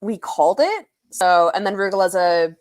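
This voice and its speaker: A woman's voice: mid-range voice, expressive, moderate pace. A young woman chatting casually on a livestream, telling stories and laughing often.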